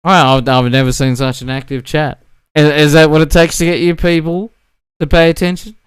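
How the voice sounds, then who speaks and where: A man's voice: fairly high pitch, little pitch movement, fairly quick, smooth. A man streaming and chatting casually with friends, teasing and joking. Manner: teasing, jokey. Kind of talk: casual gaming stream chat.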